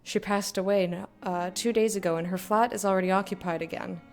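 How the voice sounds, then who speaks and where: A woman's voice: mid-range voice, steady tone, fairly quick, faint music behind, close to an everyday voice. A woman reading a letter aloud in a put-on British accent as a blunt, chatty young working-class woman writing to her sister. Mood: gossipy.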